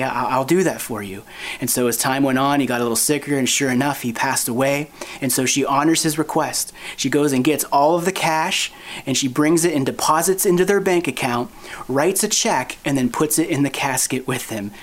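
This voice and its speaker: A male pastor giving a sermon for an online church, relaxed and conversational, mixing in dad jokes. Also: a little high. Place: recorded for online church at home.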